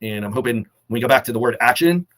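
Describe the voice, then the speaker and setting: A man co-hosting a fitness talk, delivering earnest, measured motivational advice and holding back emotion. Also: mid-range voice, lively intonation, a bit bright. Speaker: co-host of a fitness summit talk.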